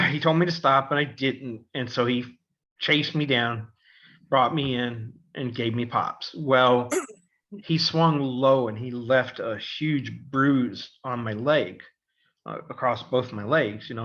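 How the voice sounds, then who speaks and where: A middle-aged podcast co-host with a medium-pitched voice tells a story in casual chat, acting out the voices of the people in it. He's animated and laughs often, and the audio sounds lo-fi.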